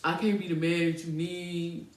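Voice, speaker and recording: A woman voicing her ex-boyfriend, a young man, as a hesitant and apologetic figure, halting with fillers. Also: on the low side, level tone, roomy sound, natural voice.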